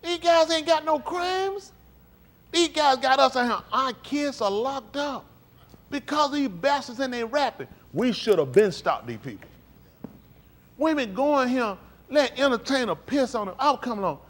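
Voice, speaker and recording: Speaking in a very high-pitched voice and in no hurry, a man preaches a live-streamed sermon. He's emphatic and conversational, animated, and varies between quiet and loud, with the congregation responding in call-and-response.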